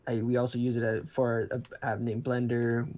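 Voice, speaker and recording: A man's voice: mid-range voice, monotone, normal speed, darkish tone. A man chatting casually about laptops, rambling, with many restarts and fillers. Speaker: podcast co-host. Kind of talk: casual chat.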